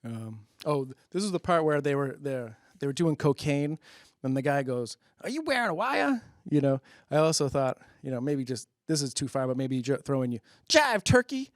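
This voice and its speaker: On a public-access comedy show, a male host delivers a loose, rambling comic monologue full of fillers, laughing at his own bits and asking whether they land. His medium-pitched voice is a little mellow at a normal speed, captured dry with studio quality.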